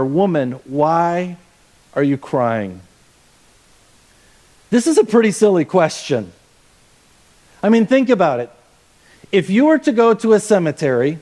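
A man's voice: high-pitched, darkish tone. A man pastor preaching a conversational sermon, reading scripture and adding humorous asides.

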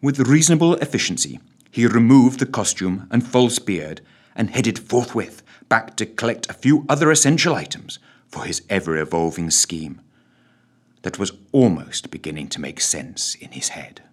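Lively, husky-voiced male storyteller. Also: fairly low pitch, normal speed. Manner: theatrical, wry, very animated delivery. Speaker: storyteller and show narrator. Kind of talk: scripted storybook narration.

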